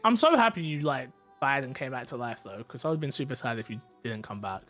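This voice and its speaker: A man hosting a casual gaming podcast, talking in a rambling, animated way with many restarts. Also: mid-range voice, quick pace, soft background music. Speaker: podcast host. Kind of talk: casual group chat.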